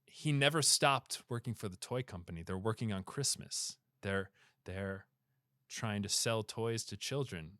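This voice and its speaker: A young man casually recapping a movie plot for a podcast, animated, swearing and slipping into quick character voices. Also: fairly low pitch, dry recording, studio quality. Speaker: podcast co-host.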